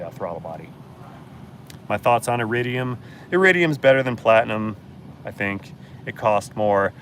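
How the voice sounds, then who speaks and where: A man's voice: lowish voice, noisy background. A man hosting a casual live-stream Q&A as a mechanic, blunt and joking as he answers chat.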